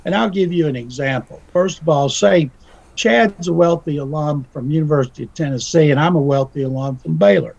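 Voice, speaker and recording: Gravelly man on a dull line. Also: on the high side, fairly quick, darkish tone, dry recording. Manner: folksy, acts out quoted voices in his story. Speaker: guest commentator. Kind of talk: casual radio talk.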